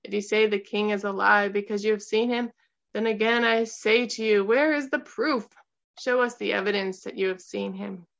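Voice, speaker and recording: A stern, accusing male prosecutor, put on by a woman narrator for a storybook reading. The voice is gravelly and steady at a middle pitch. The recording sounds dull and lo-fi. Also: moderate pace. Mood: angry. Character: scheming male village prosecutor, hostile.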